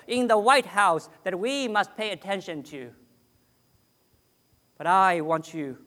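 A man preaching a sermon in a fairly high voice. He speaks slowly and earnestly, with long pauses between phrases. His voice often drops suddenly to a soft, quiet tone. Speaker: pastor.

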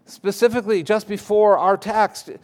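A man preaching a sermon in a slightly higher than usual voice. His delivery is animated, with loud emphatic stretches that drop into quiet, hushed asides. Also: moderate pace. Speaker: pastor.

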